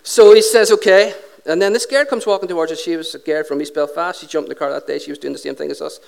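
Man, pastor, higher-pitched, sermon, lively anecdotes, acts out dialogue. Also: quick pace, gravelly. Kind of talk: sermon storytelling.

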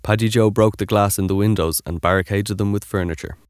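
A man giving scripted documentary narration in an even, informative way. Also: lowish voice, fairly quick, no echo, studio quality.

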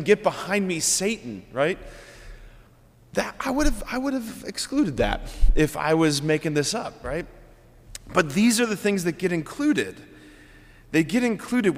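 A man, a priest, giving a conversational sermon in an animated way that keeps adding "right?" and "like". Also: a little high. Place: church. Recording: long church reverb.

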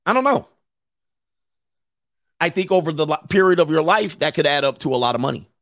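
Casting: male host, casual stream commentary, joking and animated, dry close mic. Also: fairly high pitch, fairly quick, dry recording. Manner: joking, animated riffing with laughs. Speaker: show host reading chat.

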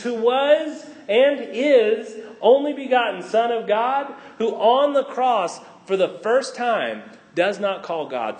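A male pastor preaching a sermon, swinging between loud exclamations and hushed asides. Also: high-pitched.

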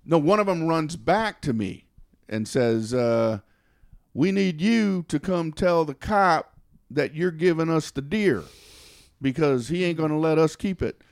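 A man telling a long, funny anecdote in casual conversation. His pitch rises and falls a lot, and he often stumbles and repeats words. The recording is dry and close. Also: animated, dry recording. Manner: halting, repeats words, laughs through the story. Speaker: storyteller.

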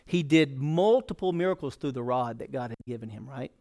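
A man's voice: medium pitch, animated, a little fast, creaky, a little mellow. A male pastor preaching a sermon in a folksy, conversational way.

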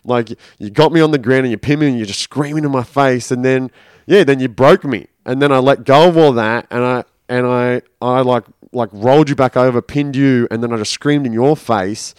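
A man's voice: medium pitch, normal speed, clean tone, no room sound, studio quality. A man candidly recounting a personal story in casual conversation, swearing freely and acting out his inner voices. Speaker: podcast guest.

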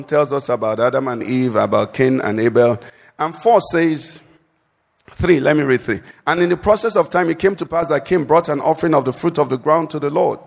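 A man's voice: on the high side, creaky. A man preaching a live church sermon, quizzing the congregation and lifting into sing-song phrases. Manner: call-and-response questions to the congregation, sing-song rises. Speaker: pastor. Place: church service. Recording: long church-hall reverb.

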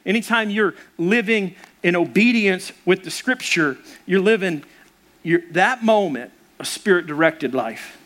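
A man's voice: high-pitched, fairly bright tone. A middle-aged man, a pastor preaching a sermon in a conversational way, mixing personal family stories into his preaching.

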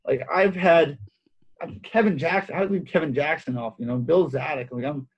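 A man's voice: on the high side, moderate pace, slightly rough. A man who coaches wrestling, telling stories in a casual interview with lots of repeated phrases and fillers. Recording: dull lo-fi sound.

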